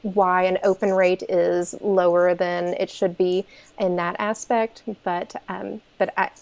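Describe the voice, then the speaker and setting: A woman's voice: fairly low pitch, little pitch movement, slow, creaky, darkish tone. A woman from Kentucky with a Southern twang, a podcast guest talking easily over a remote call with plenty of fillers. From Kentucky, USA. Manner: easygoing, self-deprecating, many fillers. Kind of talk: casual interview chat.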